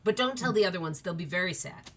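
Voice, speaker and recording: A woman running a tabletop game as game master, narrating and voicing characters in a warm, motherly way. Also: lowish voice, lively intonation, fast talker, slight background noise.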